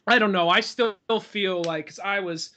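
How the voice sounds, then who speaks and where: A young man with a notably high, bright voice muses aloud in loose podcast banter. He swears freely and thinks out loud as he goes. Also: moderate pace, lo-fi sound. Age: 20s. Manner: loose, profane, musing. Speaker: podcast co-host. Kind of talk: casual chat.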